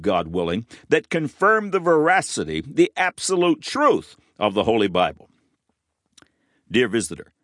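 A man's voice: medium pitch, no room sound, clean studio sound. A man narrating a scripted sermon and reading scripture as host of a Bible program, in a solemn and dramatic way. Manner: solemn, dramatic delivery with falling phrase ends.

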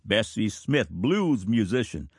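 A man in his fifties, a country church pastor, giving a sermon in a slow, deliberate and solemn manner. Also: on the low side, big pitch swings, breathy edge, dry recording, clean studio sound. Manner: slow, deliberate, solemn delivery with drawn-out words. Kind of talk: sermon reading of quotations.

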